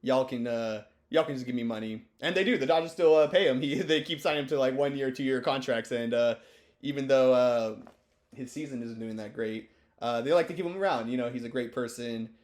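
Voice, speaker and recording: A man's voice: medium pitch, fairly quick. A stoned man giving rambling, joking, profane commentary over sports clips. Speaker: video host.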